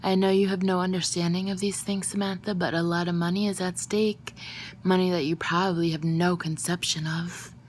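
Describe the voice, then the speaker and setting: A woman's voice: on the low side, little pitch movement, a little fast, slight background noise, lightly acted. A woman reading as a haughty lady employer. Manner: haughty, lecturing. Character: snobbish haughty lady of the house.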